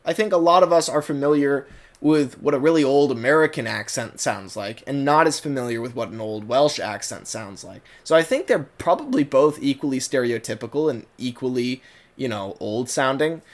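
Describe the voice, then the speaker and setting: A man's voice: mid-range voice, lively intonation, moderate pace. A young British man giving casual spoken commentary, rambling and analytical as he works through his thoughts. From Britain.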